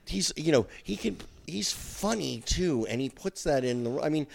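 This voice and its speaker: A man's voice: a little high, normal speed, vocal fry. A man co-hosting a comedy podcast, congested from a cold, rambling in casual chat and poking fun at himself. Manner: rambling, self-deprecating, animated storyteller. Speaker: podcast co-host.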